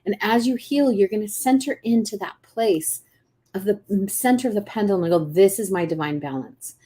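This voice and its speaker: A woman talks straight to her viewers in a mid-pitched voice, loose and animated. She breaks into little acted voices and restarts her thoughts often. Now and then she stops to clear her throat. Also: moderate pace. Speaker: intuitive coach hosting a live reading. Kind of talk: casual live-stream teaching.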